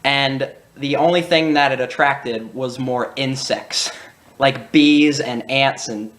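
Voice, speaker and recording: A man's voice: medium pitch, slow pace. A young adult man hosting a casual video, telling childhood stories with laughs and acted-out quotes. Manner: animated, laughing, acts out quoted voices. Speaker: channel host. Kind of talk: casual storytelling.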